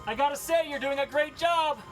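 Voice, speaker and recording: Bright, cheery male workout instructor. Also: very high voice, a little fast, faint music behind. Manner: upbeat, cheery, cracks puns. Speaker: fitness instructor. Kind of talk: live-streamed workout class with jokes. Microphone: camera mic he adjusts.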